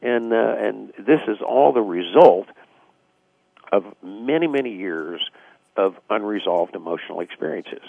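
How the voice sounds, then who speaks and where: Gravelly man on a phone line. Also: fairly low pitch, expressive, unhurried, no room sound. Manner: reflective, acts out quoted dialogue, frequent fillers. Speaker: guest author. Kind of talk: casual radio interview explanation.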